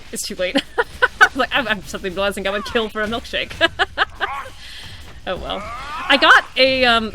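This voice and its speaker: A woman's voice: fairly high pitch, pushed and bright, slight background noise. A woman giving casual commentary while playing a video game, often breaking into long laughing fits. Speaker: gaming streamer.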